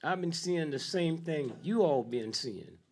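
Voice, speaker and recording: An older man preaches to a live audience at an unhurried pace, sinking to a low mutter and rising to loud outbursts. He tacks a steady "huh?" or "hmm?" onto his lines.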